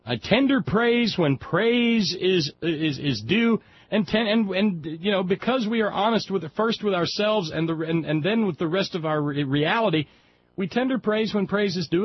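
A man's voice: high voice, animated, moderate pace, slightly rough, no echo. A man hosting a liberal talk radio show, delivering a folksy, digressive, impassioned political monologue. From West Virginia. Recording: dull lo-fi audio with faint background noise.

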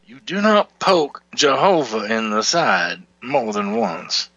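Comic televangelist preacher, fire and brimstone, played by a man, lively swooping voice. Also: slow pace, dry recording, muffled recording, exaggerated voice. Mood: fiery. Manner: preachy, booming, asks for donations. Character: bombastic fire-and-brimstone male televangelist pastor. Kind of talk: parody sermon banter.

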